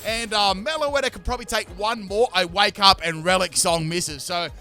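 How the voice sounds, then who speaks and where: A young man hosts a gaming channel, keeping up chatty, joking commentary over his battles with self-mocking asides. His voice sits high and sounds bright and forceful at a moderate pace. It's casual game commentary done as voice-over.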